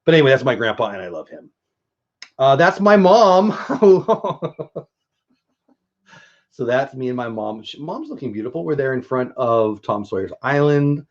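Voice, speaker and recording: Casting: man in his fifties, casual vlogger, self-mocking humor, mid-pitched voice, slightly dull recording. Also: big pitch swings, a little fast. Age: 50s. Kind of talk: casual chat.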